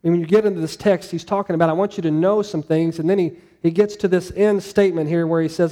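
A man's voice: fairly high pitch, fairly even intonation, fast talker, dark tone, big-room sound. A man preaching a sermon to a congregation in a conversational way, asking them questions as he goes. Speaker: pastor.

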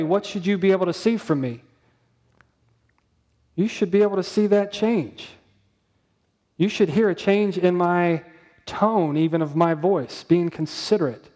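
A pastor with a somewhat high, slightly mellow voice preaches in an easy, conversational style. He keeps asking his congregation questions and draws out the words he wants to land, staying plain and direct throughout.

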